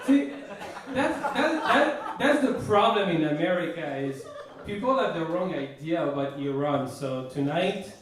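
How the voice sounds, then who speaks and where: French-accented man doing deadpan stand-up. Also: on the high side, crowd noise. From France. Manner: deadpan one-liners with halting restarts. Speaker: stand-up comedian. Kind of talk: stand-up comedy set. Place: comedy stage before a live audience. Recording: roomy live recording from a distant mic.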